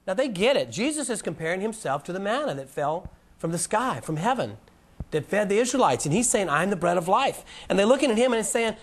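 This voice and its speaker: A man's Bible lesson comes across as a casual, folksy presentation lecture. His delivery is animated, shifting to a low, slow voice for the scripture quotes.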